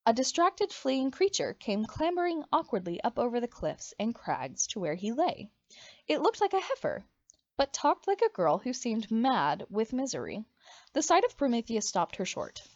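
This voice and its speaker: A woman reading a mythology book aloud in an expressive, dramatic way. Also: a little high, moderate pace, no echo. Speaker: audiobook reader. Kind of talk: storybook read-aloud narration. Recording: dry, slightly muffled home recording.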